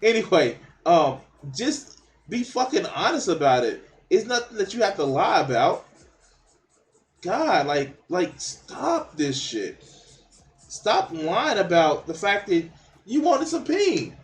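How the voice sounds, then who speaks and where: A man's voice: high voice, very animated, slow. A man giving blunt, profane reaction commentary on a documentary clip, mocking and laughing at what he hears.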